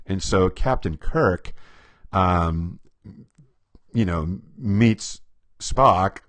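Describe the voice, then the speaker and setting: A low-voiced man speaks very slowly in a recording with no echo. He's a behavior profiler explaining personality types to camera through stories, acting out quotes and chuckling often.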